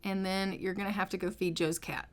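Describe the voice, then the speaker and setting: A woman's voice: mid-range voice, level tone, brisk. A woman casually narrating her gameplay in a chatty, rambling way with frequent ums. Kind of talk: casual let's-play narration.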